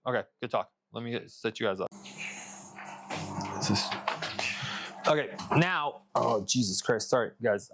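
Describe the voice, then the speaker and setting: Rambling man talking through his shop work. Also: medium pitch. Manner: loose and rambling, talks to camera while measuring; mutters and swears to himself mid-task. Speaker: custom truck fabricator. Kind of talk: casual workshop vlog. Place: workshop.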